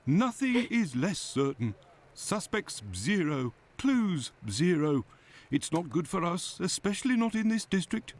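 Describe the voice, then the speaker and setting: A man's voice: sits high, sing-song, unhurried, heavily acted. An actor playing a chatty, deferential male police constable in a video game.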